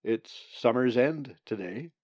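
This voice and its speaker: A man voicing a grumpy, irritable male raven who complains loudly. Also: mid-range voice, lively intonation, slow pace, no echo, highs cut off. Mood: grumbling. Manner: gruff, complaining.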